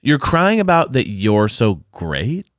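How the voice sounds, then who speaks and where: A man's voice: medium pitch, huge pitch swings, takes it slowly, no echo, studio quality. A man co-hosting a podcast, chatting casually through a reality-TV recap and slipping into exaggerated mock voices. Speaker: podcast co-host.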